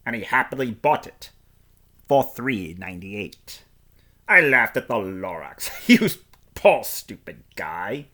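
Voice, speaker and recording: Male storybook reader, playful and expressive, bright voice, lively pitch, unhurried. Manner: playful, expressive, rhyming delivery. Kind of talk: performed storybook reading in first person.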